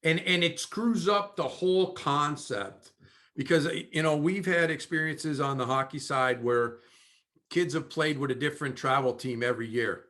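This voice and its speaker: A man's voice: on the high side, normal speed, fairly bright tone. Opinionated co-host man. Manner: opinionated, grumbling about modern parents. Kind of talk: casual chat.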